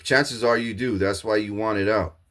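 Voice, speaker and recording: A man's voice: fairly low pitch, fairly even intonation, normal speed, a bit bright. A man delivering a rambling, profane monologue, grandiose and repetitive, with frequent restarts. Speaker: self-proclaimed king ranting to camera.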